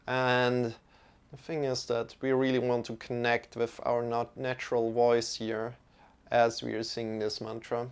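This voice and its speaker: A man leading a yoga lesson, speaking in a relaxed, friendly way with some fillers as he explains what comes next. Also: medium pitch, unhurried, smooth. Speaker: yoga teacher. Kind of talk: guided yoga and mantra chanting lesson.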